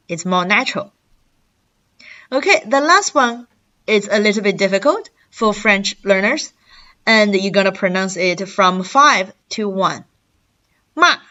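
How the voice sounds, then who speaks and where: A woman teaching a language lesson, speaking slowly and carefully and sounding out syllables for learners to repeat. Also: medium pitch, a bit bright, lo-fi sound. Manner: slow, careful delivery, demonstrating syllables aloud for repetition.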